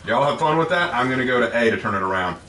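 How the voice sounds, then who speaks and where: Man, gaming streamer, casual chat, animated rants, bright tone, distant roomy recording. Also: medium pitch, fast. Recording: roomy, distant mic with faint noise.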